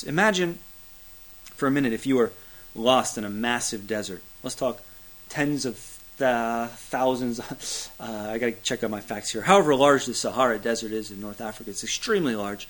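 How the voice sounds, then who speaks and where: A man preaching a sermon, building to loud emphatic peaks, then dropping to hushed, low lines, with a repetitive preaching cadence and occasional fillers. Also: normal speed, poor audio. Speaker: pastor.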